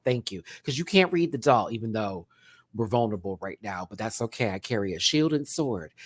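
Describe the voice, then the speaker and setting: Animated man chatting on a livestream. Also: mid-range voice, no room sound. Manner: animated, chatty, swings between loud and hushed. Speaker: YouTube reality TV reviewer. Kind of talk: casual livestream commentary.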